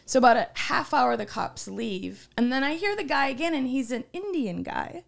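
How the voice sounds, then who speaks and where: High-voiced woman telling a lively story. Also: normal speed, vocal fry. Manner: animated storyteller, swears freely, laughs often. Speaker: podcast co-host. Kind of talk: casual chat.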